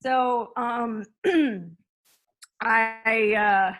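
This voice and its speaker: A woman's voice: a little high, drawn-out words, fairly bright tone. A young adult woman, a comedian co-hosting a casual podcast, who talks loosely with lots of fillers and self-mocking sarcasm.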